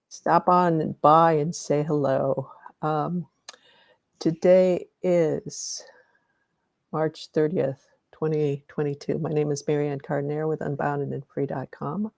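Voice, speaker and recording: A middle-aged woman leads a guided meditation on a live stream, her voice low and gravelly. She rambles and restarts her sentences, greeting viewers by name along the way. The sound is dry and close, with no room around it. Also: a little mellow, no echo. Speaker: energy healing meditation host.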